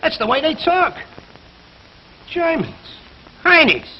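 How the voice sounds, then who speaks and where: A man's voice: high voice, big pitch swings, moderate pace, a little hiss or hum. An actor playing a surly, bigoted American workman who grumbles in coarse slang. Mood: griping. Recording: muffled 1950s television recording.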